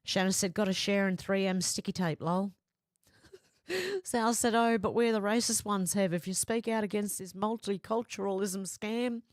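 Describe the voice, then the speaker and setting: A livestream host reads viewer comments aloud, chatting and laughing close to her desk microphone. Her mid-range voice holds a steady tone at a moderate pace with hardly any pauses, and the recording is dry.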